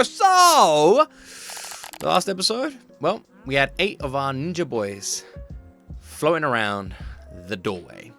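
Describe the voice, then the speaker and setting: Excitable animated male reaction host. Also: a little high. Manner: excitable, animated, jokey, swears freely. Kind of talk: casual reaction commentary.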